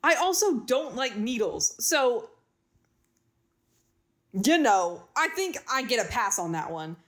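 A woman's voice: on the high side, sing-song, slow, a bit bright. A woman in her early twenties co-hosting a podcast, chatting casually, laughing and swearing freely. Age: 20s. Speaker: podcast co-host. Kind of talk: casual chat.

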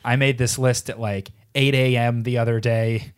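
Guy on a podcast, medium voice, rambly and animated, talks through his list. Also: medium pitch, moderate pace, clear, resonant tone. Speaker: podcast co-host. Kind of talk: casual chat.

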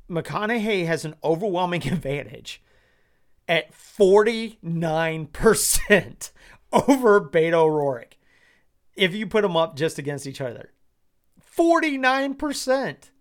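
An animated man hosting his own podcast. He rambles through his commentary, laughing often, and his voice sits a little higher than most men's. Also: slow, long pauses. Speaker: podcast host.

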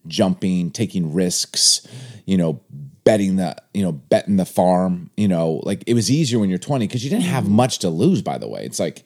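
A man's voice: low-pitched, sing-song, moderate pace, darkish tone. A man in casual chat, rambling and filling his talk with "you know".

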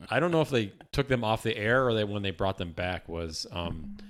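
A man with a somewhat low voice talks casually as a podcast co-host. He rambles, restarts his sentences and laughs often along the way. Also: expressive, a little fast, a little hiss or hum. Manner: rambling, self-interrupting, laughs easily. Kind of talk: casual chat.

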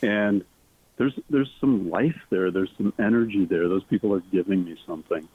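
A man, an author being interviewed, talking earnestly and enthusiastically, his pitch leaping up on the words he cares about. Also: normal speed, breathy edge, no echo. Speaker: author guest. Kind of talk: interview conversation. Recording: tinny phone line.

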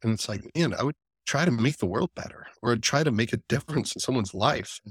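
Speaking at a quick pace in a medium-pitched, slightly rough voice, this man is a podcast guest recounting a personal story with casual earnestness. He gets animated and performs the quoted dialogue, and the studio-quality audio has no room sound.

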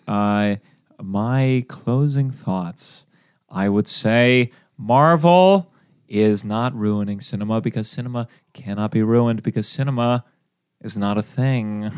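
A man's voice: medium pitch, a little mellow, smooth, no room sound, studio quality. A man in a comedic debate, dropping absurd wisecracks and playful interruptions.

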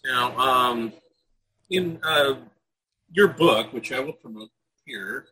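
A male interviewer asks long, meandering questions and hedges as he goes. His voice is bright and a little tense. It also has a husky grain. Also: mid-range voice, expressive, takes it slowly, low-quality recording. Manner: rambling, hedging questions. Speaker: interviewer, host.

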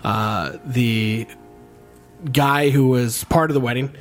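A man's voice: medium pitch, fairly even intonation, slow pace, faint music behind. A young man hosting a podcast, telling a long story in a rambling way, swearing freely and laughing as he talks. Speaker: podcast host. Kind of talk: casual storytelling chat.

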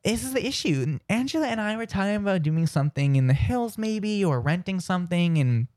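A man's voice: sits high, expressive, brisk, darkish tone, no room sound, studio quality. A man co-hosting a radio show in casual chat, chatty and teasing, often trailing off and restarting.

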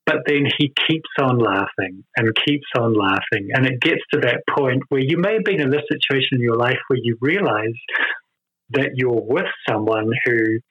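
A man discussing a film in casual conversation, thoughtful and quick to laugh. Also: mid-range voice, fairly bright tone, breathy edge. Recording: dull lo-fi sound.

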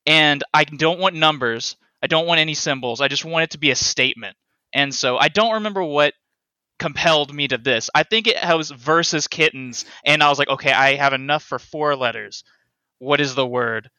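Male podcast guest, bright and crisp, dry close sound, self-deprecating. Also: a little high, moderate pace, no echo. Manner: self-deprecating, animated storytelling. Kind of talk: casual chat.

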